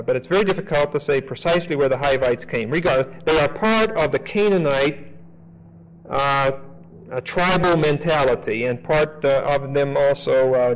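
A man teaching a sermon through a scripture passage in a conversational way. He often checks in with the audience and slows down to stress key phrases. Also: mid-range voice, poor audio. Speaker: Bible teacher. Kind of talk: expository sermon.

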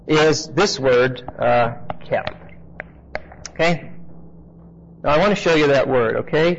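Man teaching scripture on a muffled recording. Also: a little high. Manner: explains word meanings slowly, repeats key phrases, asks the class questions. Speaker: preacher teaching a Bible class. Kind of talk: conversational Bible teaching.

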